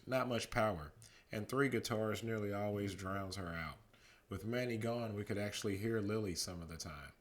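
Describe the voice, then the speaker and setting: A man reads a bedtime story aloud in a calm, measured way. His voice sits a little low and stays unhurried, like a parent settling kids for the night. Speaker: dad reading a bedtime story.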